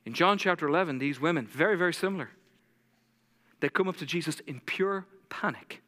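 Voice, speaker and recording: A man's voice: fairly high pitch, a little fast, bright, forceful tone, big-room sound. A man preaching a sermon as pastor, telling stories dramatically and acting out the voices of the people in them.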